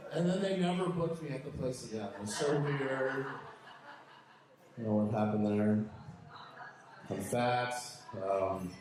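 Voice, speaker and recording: Campy man doing stand-up in an echoey club. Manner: campy, sassy punchlines with high squealing voices for quoted lines. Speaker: stand-up comedian. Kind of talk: stand-up comedy set. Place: comedy club stage. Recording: echoey club with audience noise. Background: audience laughter.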